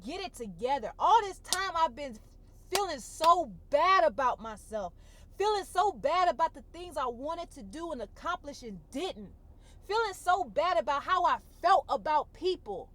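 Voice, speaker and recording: With a high voice and a slightly slow pace, a woman vlogger gives a tearful, emotional account of her own experience, holding back her crying. She talks colloquially and expressively, repeating phrases to stress them.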